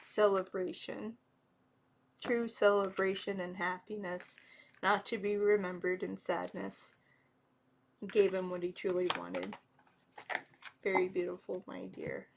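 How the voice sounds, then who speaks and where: A woman in her thirties lays out tarot cards on a live stream, speaking slowly in a gravelly, fry-tinged voice. She chats to the cards and to spirits and gets emotional as she goes. Clear background noise and card shuffling run under her voice. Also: medium pitch, level tone. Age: 30s. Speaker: tarot reader.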